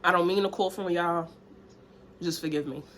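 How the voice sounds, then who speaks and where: A woman's voice: on the low side, fairly even intonation, normal speed, a bit bright, a little hiss or hum. A woman, chatting candidly in a story time vlog, a little out of breath. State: slightly out of breath. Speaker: vlogger. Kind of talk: casual story time chat.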